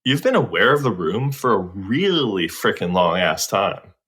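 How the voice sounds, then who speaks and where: Bright, slangy male podcast co-host. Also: fairly low pitch, very animated, a little slow. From United States. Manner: slangy and laid-back. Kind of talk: casual comedic chat.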